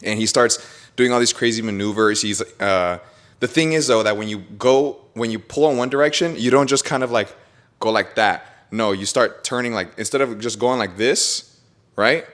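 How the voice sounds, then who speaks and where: A young man hosting a podcast, telling an excited story in casual chat, swearing and laughing often. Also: lowish voice, moderate pace. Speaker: podcast host.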